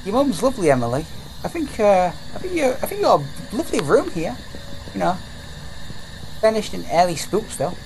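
A woman's voice: mid-range voice, big pitch swings, brisk, a little mellow, slight background noise. A woman with a British accent, bantering and joking in casual talk while streaming a ghost-hunting game. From Britain. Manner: joking, cheeky, mock-pleading.

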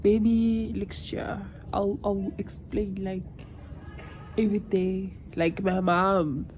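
A woman's voice: medium pitch, little pitch movement, slow pace, darkish tone, slight background noise. A South African woman in her twenties chatting casually in a vlog, emotional and switching languages mid-sentence. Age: 20s. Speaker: vlogger.

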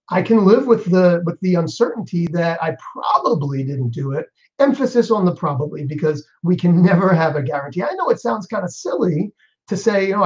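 A man's voice: high-pitched, darkish tone. A male psychologist speaking on an online panel, thoughtful and hesitant with frequent restarts. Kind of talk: online panel answering questions. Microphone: video call. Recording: dull lo-fi video call audio.

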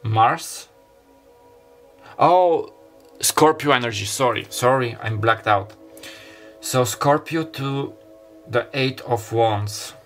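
A man doing a casual tarot card reading to camera. He talks in a halting way, with many fillers and self-corrections. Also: mid-range voice, faint music behind. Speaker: tarot reader. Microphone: camera mic.

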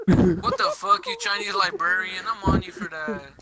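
A man's voice: sits high, huge pitch swings, normal speed, over a noisy crowd. Crude taunting young man. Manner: crude, taunting, swears constantly. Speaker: gamer friend on voice chat. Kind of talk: crude trash-talk roasting.

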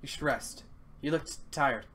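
A man reading out the lines of a gentle, protective masked man from a game, with halting, stammering delivery. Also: mid-range voice, slight background noise. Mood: earnest. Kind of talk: reading game dialogue aloud.

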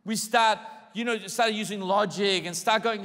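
Animated high-voiced male pastor. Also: moderate pace, few pauses. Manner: animated, acts out voices of people. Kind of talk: sermon. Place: large church hall. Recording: reverberant church hall.

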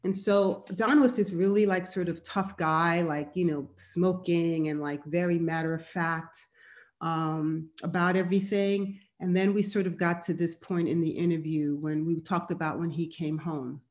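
Soft-spoken woman from New York. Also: on the low side, steady tone, normal speed. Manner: soft-spoken, reflective, many fillers between readings. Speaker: journalist and professor reading from her books. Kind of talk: reading aloud and telling stories to an audience.

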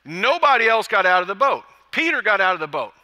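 A man preaching to his church congregation, his voice very bright and ringing. He pitches a little higher than most men and keeps the message lively with jokes and acted-out lines. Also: a little fast, long reverb tail. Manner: lively, joking storyteller who acts out quotes. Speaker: pastor. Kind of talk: sermon. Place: church service.

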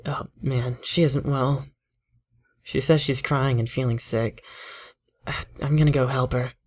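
A man voicing a jittery young man who talks quickly and anxiously. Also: medium pitch, fairly even intonation, natural voice. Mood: nervous. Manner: rushed, nervous.

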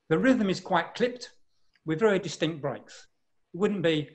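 Man presenting in a fairly high voice. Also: lively intonation. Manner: explanatory, with frequent pauses and filler sounds. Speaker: management trainer presenting a webinar. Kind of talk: online presentation. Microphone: video call.

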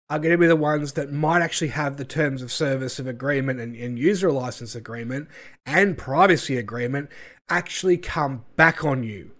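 A man's voice: a little high, a bit bright. A man hosting his channel, ranting in a sarcastic, scornful way with many fillers and asides. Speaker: channel host. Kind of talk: ranting commentary video.

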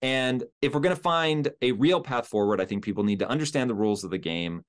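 A man hosting a conversational interview, earnest and thinking out loud, often restarting his sentences as he works through an idea. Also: mid-range voice, expressive, fast talker, smooth. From United States. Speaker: interview host.

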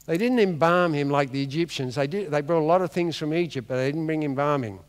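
Talking fast in a fairly high voice, a pastor preaches a sermon built around a Bible story, which he acts out with comic energy. The setting is a large church hall, heard through long hall reverb.

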